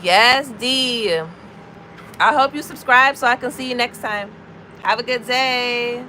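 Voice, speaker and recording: A woman's voice: fairly high pitch, takes it slowly, sharp tone, slight background noise. A woman in her thirties with an American accent, chatting casually with viewers on a livestream, greeting people by name as she moves from one comment to the next. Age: 30s. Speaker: livestream host. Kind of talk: casual live chat with viewers.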